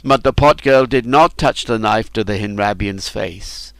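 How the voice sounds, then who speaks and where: A man reading an audiobook in scripted narration, measured and deliberate. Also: lowish voice, vocal fry, a bit bright, no room sound.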